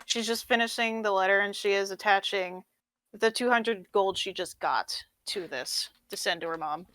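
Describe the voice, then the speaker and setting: A woman's voice: medium pitch, normal speed, a bit bright, no room sound. Breezy woman playing a tabletop character. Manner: breezy, playful, describes her character's actions. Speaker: player. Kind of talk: casual role-play chat.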